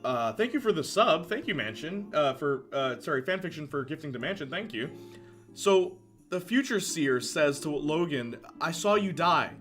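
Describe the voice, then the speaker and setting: A young man streaming casual commentary, animated, laughing often and answering chat. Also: on the high side, normal speed, faint music behind.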